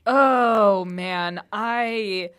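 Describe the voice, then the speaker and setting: A woman's voice: medium pitch, very slow, fairly bright tone, clean tone. A young woman from Illinois co-hosting a podcast in casual chat, rambling and laughing often. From Illinois, USA. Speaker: podcast co-host. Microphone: studio podcast mic.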